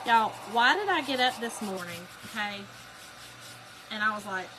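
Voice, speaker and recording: A woman hosting a casual livestream, telling a story to her viewers in an animated way and often breaking into laughter. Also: on the high side, normal speed, long pauses, background noise. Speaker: livestream host.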